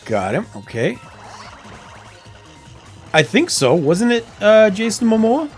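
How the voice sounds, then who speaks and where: A chatty streamer talks casually while playing, often talking to themself and laughing. The voice moves around a lot in pitch, giving it an animated feel. Quiet game music runs underneath. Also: takes it slowly. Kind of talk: casual livestream chat while gaming.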